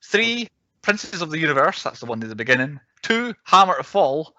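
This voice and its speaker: A man's voice: fairly high pitch, sing-song, moderate pace, pushed and bright, dry recording, muffled recording. A man co-hosting a podcast, chatting casually as he runs through a list with laughs. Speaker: podcast co-host. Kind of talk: casual chat.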